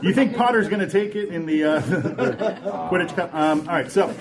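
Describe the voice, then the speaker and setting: A man teasing and laughing between his words. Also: high voice.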